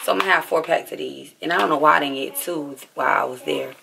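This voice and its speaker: A woman's voice: low-pitched, quick pace, creaky, noisy background. A young woman vlogging casually to her viewers, chatty and venting at times. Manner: chatty, venting, animated when annoyed. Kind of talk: casual vlog chat.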